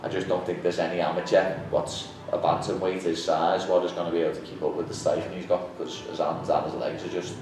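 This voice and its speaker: Young guy, low voice, animated casual storyteller, recorded far from the mic in a very echoey room with faint hiss. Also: quick pace, few pauses. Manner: animated storytelling, acts out quotes. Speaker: podcast guest, MMA fighter. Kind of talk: casual chat.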